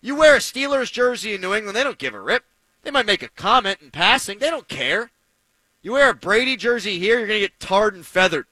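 A man's voice: high-pitched, big pitch swings, fairly quick, pushed and bright, no echo, poor audio. A man giving heated, sarcastic sports commentary, ranting with fired-up energy.

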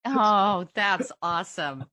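A woman's voice: mid-range voice, animated, slow pace, bright, forceful tone, dry recording. A woman hosting a radio show, interviewing a guest in a hesitant way with many restarts. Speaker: radio host.

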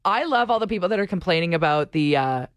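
A woman co-hosting a morning radio show, playful and teasing in animated, casual banter. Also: lowish voice, fast talker, no echo, clean studio sound. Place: radio studio. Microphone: studio microphone.

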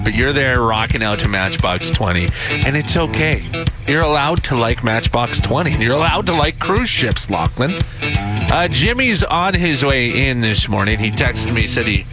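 A man hosting a morning radio show, chatty and teasing his co-hosts. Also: mid-range voice.

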